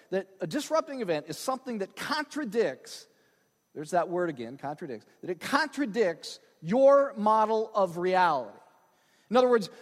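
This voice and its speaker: A man delivers a sermon with real drive, hammering points home by saying them twice. His voice sits high and swings widely in pitch. A long reverb from a large hall trails after every phrase. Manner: animated, emphatic, repeats phrases for stress. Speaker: pastor.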